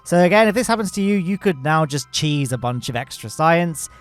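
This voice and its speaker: A man's voice: on the high side, lively intonation, a little fast, soft background music. A man in his thirties giving casual, wry let's-play commentary, explaining as he plays. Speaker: gaming YouTuber.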